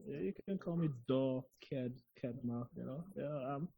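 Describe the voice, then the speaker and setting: A man's voice: mid-range voice, vocal fry, no echo, muffled recording. A man co-hosting a live evening gala, bantering playfully and now and then putting on an announcer voice. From Saint Lucia. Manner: playful, teasing, shifts into a drawn-out announcer voice. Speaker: event co-host.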